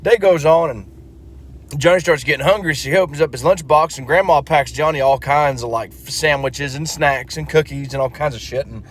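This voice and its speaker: A man's voice: on the high side, moderate pace. A man telling a crude joke in a laid-back, swearing style. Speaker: joke teller.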